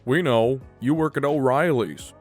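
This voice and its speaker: A man voicing a confused, earnest customer who talks slowly and matter-of-factly. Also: medium pitch, soft background music, lightly acted.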